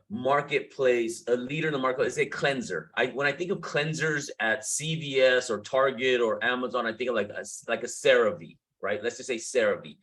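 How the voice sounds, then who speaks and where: A man's voice: medium pitch, fairly bright tone, rough recording. A young man coaching beauty professionals on sales, hyped and playful, repeating his catchphrases and swearing casually. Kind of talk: energetic motivational talk to camera.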